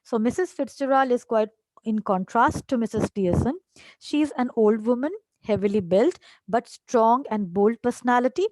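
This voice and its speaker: Reading a line of the play and then explaining it, a woman teaching English walks her class through the text, sometimes switching into Hindi. Her talk is full of fillers and tag questions. Her voice is a little high and a little mellow, at normal speed, with no room sound.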